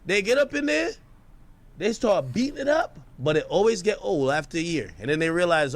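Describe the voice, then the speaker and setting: A man giving slangy, animated commentary in a casual reaction chat, breaking into loud laughs. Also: sits high, fairly quick.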